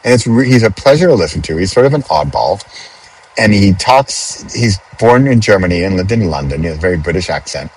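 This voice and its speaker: Male host recording in his car; slightly raspy, loose and conversational, talks things through out loud. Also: deep voice, expressive, a little fast, rough recording. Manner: chatty, thinks aloud with restarts and self-corrections. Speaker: podcast host. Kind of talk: casual spoken reflection. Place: in a car on a highway.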